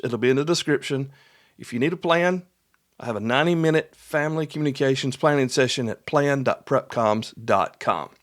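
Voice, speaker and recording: A man hosting an instructional podcast in a folksy, conversational way, often repeating his points. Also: on the high side. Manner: folksy, repeats points, acts out little dialogues.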